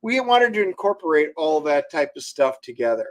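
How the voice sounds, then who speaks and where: Co-host, man, halting explainer with dry quips, a touch high in pitch. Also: big pitch swings. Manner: explains with restarts and fillers, dry one-liners. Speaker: comic co-creator and co-host. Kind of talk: casual livestream chat.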